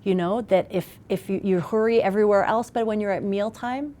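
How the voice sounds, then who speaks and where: A middle-aged woman speaking as a parenting expert guest in a conversational interview, animated and acting out little scenes. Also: medium pitch, brisk.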